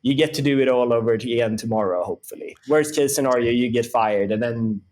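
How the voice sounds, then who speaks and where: A man's voice: medium pitch, a little fast, a little mellow. Rambling man with many restarts. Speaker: startup co-founder guest. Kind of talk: casual interview talk.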